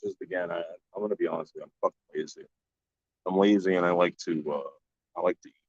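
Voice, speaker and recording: A man's voice: sits low, fast, darkish tone, no echo. A man hosting a live stream, talking casually and bluntly with viewers and cursing freely. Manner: blunt and profane, with frequent restarts. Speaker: live-stream host answering chat. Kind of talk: casual chat. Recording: dull, lo-fi dry recording.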